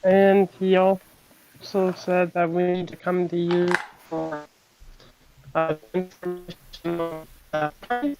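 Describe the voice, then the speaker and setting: A man voicing an excitable tavern co-owner who stumbles through his news with many hesitations. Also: high-pitched, lo-fi sound, over music. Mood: hesitant. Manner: halting, full of hesitant fillers.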